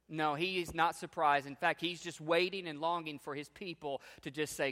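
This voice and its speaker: A man preaching a sermon as a pastor, emphatic, swinging between soft low drops and rising peaks. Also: steady tone, moderate pace, few pauses, big-room sound.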